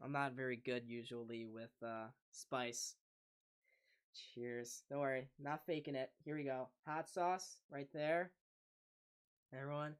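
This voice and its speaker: A man calling hockey play-by-play on a live reaction stream, excitable, with groans and laughs between calls. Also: mid-range voice, measured pace, clear, resonant tone. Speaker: streamer commentator.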